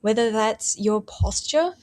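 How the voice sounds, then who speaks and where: A woman's voice: a little high, lively intonation, takes it slowly, a little mellow. A woman hosting a tutorial and explaining the basics of roleplay in a friendly, explanatory way. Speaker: host.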